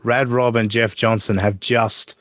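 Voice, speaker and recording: A man's voice: medium pitch, flat delivery, unhurried, dry recording, clean studio sound. A man co-hosting a podcast in casual chat, setting up clips and making jokes at his own expense. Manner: jokey, self-deprecating. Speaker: podcast co-host.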